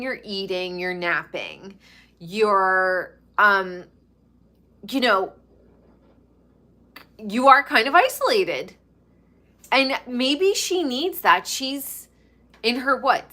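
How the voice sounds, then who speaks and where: Slow, chatty gossiping woman. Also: medium pitch, bright, forceful tone. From New York. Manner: gossipy, chatty, drawn-out emphatic delivery. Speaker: pop culture commentator. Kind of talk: casual chat.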